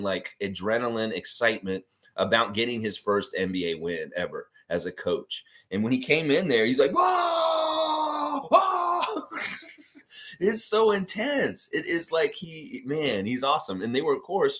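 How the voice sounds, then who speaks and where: A man hosting a casual sports fan livestream, chatting excitedly and reading out viewer comments. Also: lowish voice.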